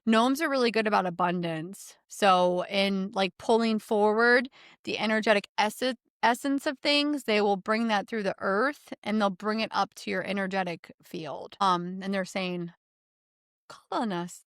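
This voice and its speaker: A woman giving a relaxed spiritual reading as an energy healer, rambling with many fillers and easy laughs. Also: medium pitch, moderate pace, no room sound, studio quality.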